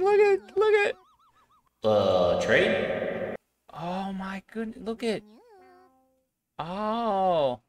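A woman giving casual, excitable commentary while playing a video game, often breaking into panicked shouts and squeals. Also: low voice. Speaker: gaming video host. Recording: loud game music behind. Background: loud game music.

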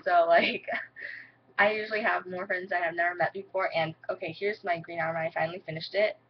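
Teen girl vlogging, rambly and excitable, kinda low voice, muffled cheap mic with a little hiss. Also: fairly quick. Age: teens. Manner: rambling, filler-heavy, excitable. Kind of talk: casual chat to camera. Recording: dull lo-fi webcam audio with faint noise.

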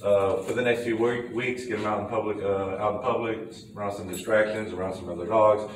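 A man's voice: on the low side, brisk. A young man, a dog trainer talking casually to camera with loose fillers. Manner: relaxed, loose, many fillers. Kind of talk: casual explanatory talk to camera. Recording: roomy, distant camera audio with background noise.

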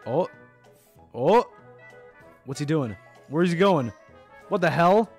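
Young male streamer, high and very lively voice, excitable casual commentary, faint music underneath. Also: takes it slowly. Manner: excitable, animated, swings between loud squeals and mumbles.

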